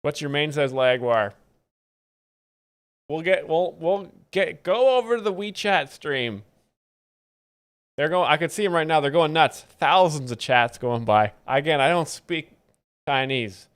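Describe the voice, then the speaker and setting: Smooth-voiced sardonic man. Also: on the high side, measured pace, pauses often. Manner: sardonic and deadpan. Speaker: live-stream comedy host. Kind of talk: casual commentary.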